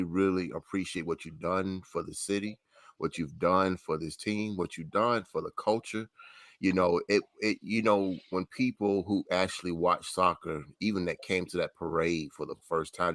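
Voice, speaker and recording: A man co-hosts a sports podcast. His voice is very deep, and the sound is dry and close. He tells his stories with lively enthusiasm. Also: no echo. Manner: enthusiastic storyteller. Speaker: podcast co-host. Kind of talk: casual sports talk.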